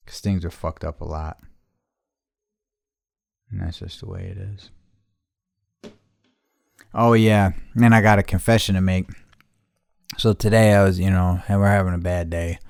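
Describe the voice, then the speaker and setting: Profane low-voiced man hosting a podcast. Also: gravelly, dry recording, studio quality. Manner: profane, swings between reflective and loud ranting. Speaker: podcast host. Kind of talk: casual chat.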